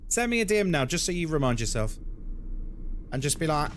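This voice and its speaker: A man's voice: medium pitch, sing-song, quick pace. A man streaming a horror game, chatting casually and greeting viewers by name as he plays. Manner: chatty, greets chat viewers by name between gameplay remarks. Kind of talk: casual live-stream commentary. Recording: clear background noise.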